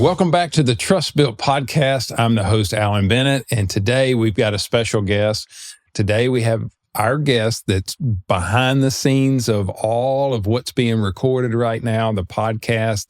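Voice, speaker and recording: Man, podcast host, casual interview chat, halting restarts, dry studio sound. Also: medium pitch, no echo. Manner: rambling, halting, laughs often.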